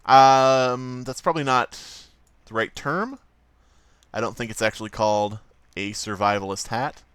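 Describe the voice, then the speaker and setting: A man's voice: medium pitch, steady tone, measured pace, fairly bright tone, clean tone, dry recording. A man casually commenting on his livestream while drawing, rambling, joking and swearing a lot. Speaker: streamer.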